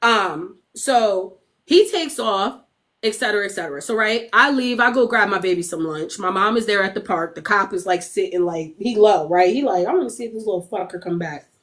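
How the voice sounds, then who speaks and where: A young adult woman livestreaming, telling a story casually to her chat, animated and profane, laughing often and acting out what others said. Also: medium pitch, normal speed.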